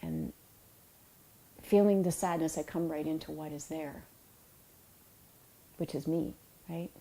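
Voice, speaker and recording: A middle-aged woman, an author, giving a reflective talk about emotions in a soft, unhurried and tender way, with pauses. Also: deep voice, big pitch swings, rough recording. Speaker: author and yoga teacher.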